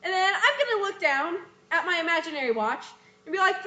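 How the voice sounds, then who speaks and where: A woman's voice: very high voice, lively intonation, normal speed, bright, forceful tone, roomy sound. A young woman teacher walking her students through a scene script, acting out lines in playful voices. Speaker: dance and theater teacher.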